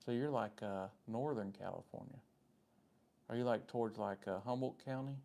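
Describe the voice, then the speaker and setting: A man with a Southern US drawl hosts a loose live-stream chat, answering viewers' comments by name. His voice is low and mellow with a gravelly fry, and he rambles along in a friendly way. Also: normal speed. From Southern United States.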